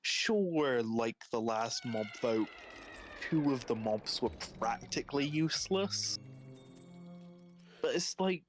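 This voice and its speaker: Laid-back young male co-host, slow and rambling, light music in the background. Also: mid-range voice, lively intonation. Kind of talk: casual livestream chat.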